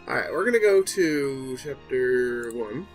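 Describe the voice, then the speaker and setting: A man giving casual let's-play commentary, energetic and muttering to himself as he navigates the game. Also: medium pitch, measured pace, faint music behind. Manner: energetic, talks to himself while navigating menus. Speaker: gaming youtuber.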